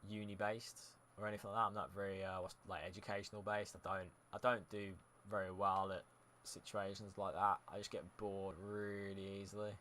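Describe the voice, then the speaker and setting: Bright-voiced man streaming a game. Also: on the low side, level tone, fairly quick, slight background noise. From United Kingdom. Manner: chatty, answers chat messages while narrating gameplay. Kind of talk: casual live-stream commentary.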